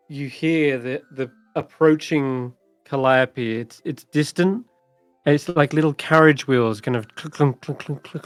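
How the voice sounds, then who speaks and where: A man narrating as dungeon master in a tabletop game, chatty and animated. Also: mid-range voice, dry recording.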